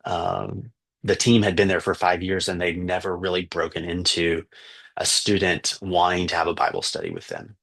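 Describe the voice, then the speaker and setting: A man's voice: low voice, animated, normal speed, vocal fry, a bit bright. A man, a missionary teacher, earnestly telling a story for fundraising, with fillers and restarts.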